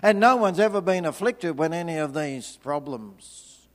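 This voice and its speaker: A man preaching a sermon, telling a personal story with energy, then dropping into hushed, slow prayer. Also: a little high, expressive. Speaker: pastor.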